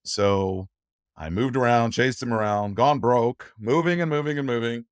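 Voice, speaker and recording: A man's voice: mid-range voice, normal speed, clean tone, no echo, clean studio sound. An older man, a guest in an interview, talking emotionally and at length with frequent laughter and restarts. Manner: emotional, rambling, laughs often. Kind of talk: conversational interview.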